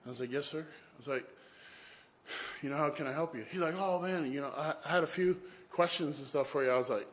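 A man's voice: on the high side, fairly quick, fairly bright tone, roomy sound, poor audio. A man preaching a sermon, telling stories and often repeating "boy" and "can I tell you this". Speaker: pastor.

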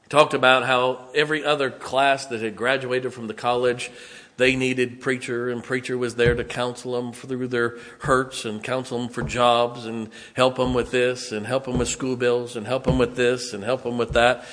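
A man in his fifties, a pastor preaching a sermon, telling a personal story and dropping to a hushed, emotional tone. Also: mid-range voice, flat delivery, moderate pace.

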